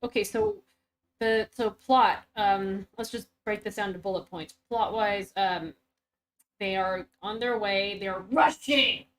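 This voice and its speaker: A woman hosting a casual stream, reacting to a story with rambling, animated chat and the odd swear. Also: medium pitch, unhurried, slight background noise, poor audio. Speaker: stream host reacting to a web serial.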